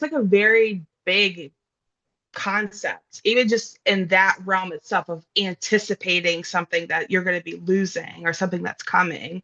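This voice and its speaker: A woman's voice: lowish voice, pushed and bright, lo-fi sound. A woman in an earnest, casual conversation about grief, thinking aloud with fillers and restarts. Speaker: guest speaking on grief.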